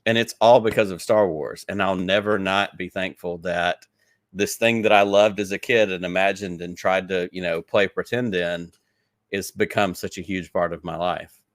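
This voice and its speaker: This Southern US man has a low voice, captured close and dry with no room sound or echo, at a moderate pace. As a podcast guest in a relaxed interview chat, he eagerly rambles through his stories, leaning heavily on "like."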